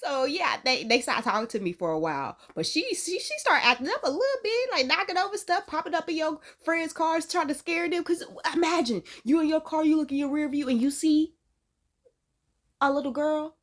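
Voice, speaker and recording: A woman from North Carolina, reacting to scary stories in casual, animated commentary, laughing often and calling listeners honey. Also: sits high, normal speed. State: sneezy from allergies. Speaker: reaction video host.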